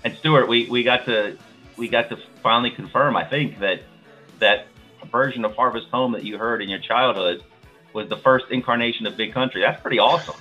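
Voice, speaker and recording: A man's voice: mid-range voice, brisk, bright, forceful tone, faint music behind. A man hosting a podcast, chatting enthusiastically and rambling a little as he goes. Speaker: podcast host. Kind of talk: casual chat. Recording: dull lo-fi sound.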